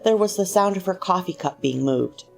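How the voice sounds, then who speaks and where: A woman reads a literary short story with a lowish voice that rises and falls expressively. Soft music sits faintly under her narration. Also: animated, normal speed, vocal fry. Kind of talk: storytelling reading.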